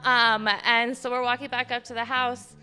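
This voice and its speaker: A woman's voice: fairly high pitch, little pitch movement, moderate pace, bright, forceful tone, clean tone. A woman in her thirties doing a self-deprecating stand-up set about her kids at a live comedy show, with lots of ums. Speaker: stand-up comic. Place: live comedy club stage.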